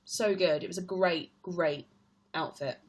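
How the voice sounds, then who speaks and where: Speaking unhurriedly in a lowish voice with fairly even intonation, a young English stage performer chats with fans on a live stream. She reads their questions aloud, responds to comments and laughs frequently.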